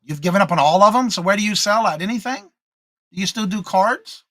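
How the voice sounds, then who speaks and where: A man co-hosts a morning live stream in a bright, slightly high voice, recorded dry and close. He chats casually, reads viewer comments aloud and welcomes each viewer by name with the same greeting, all in an upbeat tone. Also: animated, a little fast, dry recording.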